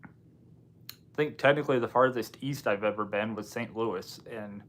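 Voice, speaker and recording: A man's voice: on the low side, measured pace, fairly bright tone. A man hosting a casual livestream, reading viewer comments and answering in a loose, offhand way with dry asides. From Washington State, US. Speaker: livestream host.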